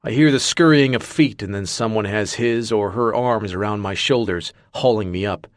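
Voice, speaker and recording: A man's voice: fairly low pitch, moderate pace, no room sound, clean studio sound. A man narrating an audiobook in the first person with intense, dramatic delivery.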